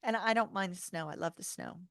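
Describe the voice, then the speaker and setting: Female tarot streamer, relaxed chatty host, gravelly, dry close sound. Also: medium pitch, fairly quick, no room sound. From North Carolina, US. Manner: chatty, warm-hearted, laughs often, says y'all. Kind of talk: casual livestream chat.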